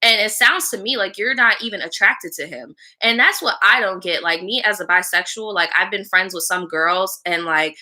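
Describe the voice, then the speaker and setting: A woman hosts a live show in a mid-range, pushed and bright voice, talking at normal speed with hardly any pauses. She reads a viewer's story, then gives blunt, slangy advice with lots of swearing, chatting back to live viewers between lines.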